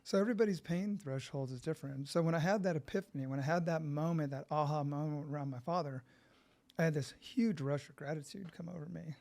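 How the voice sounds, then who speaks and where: A man's voice: on the high side, fast, vocal fry, a little mellow. A middle-aged man from California, a podcast guest telling candid, blunt stories about his recovery. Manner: blunt, plain-spoken, frank about his past. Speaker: podcast guest, breathwork facilitator. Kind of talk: candid storytelling conversation.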